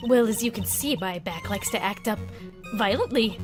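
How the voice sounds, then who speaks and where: A woman's voice: mid-range voice, lively intonation, moderate pace, over music, natural voice. A woman voicing a cheery, chatty old head nun in a video game, with a folksy, teasing manner. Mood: storytelling. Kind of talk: game dialogue read aloud.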